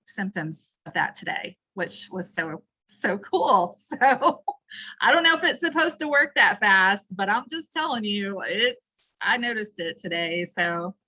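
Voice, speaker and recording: A woman's voice: mid-range voice, expressive, measured pace, sharp tone, low-quality recording. A middle-aged woman chatting enthusiastically on a live video call, rambling through a product testimony for her team. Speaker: team leader presenting a product.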